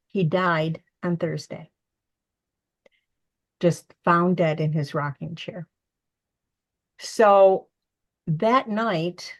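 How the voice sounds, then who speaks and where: An older woman, a medium and author, telling personal stories in a casual interview from her living room, acting out quotes with feeling. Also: on the low side. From United States. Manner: emotional, animated storytelling with acted-out quotes.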